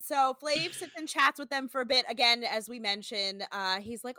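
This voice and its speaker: Woman, casual chat co-host, fairly high, bright tone, dry close mic, blunt, sarcastic, swears freely. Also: animated, moderate pace, few pauses, no echo. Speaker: podcast co-host. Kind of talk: casual chat recapping a reality show.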